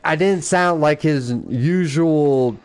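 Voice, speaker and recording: A man's voice: on the high side, slow, no room sound. A man hosting a casual podcast, telling a gaming story with lots of swearing and mocking quoted voices. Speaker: podcast host and clan recruiter.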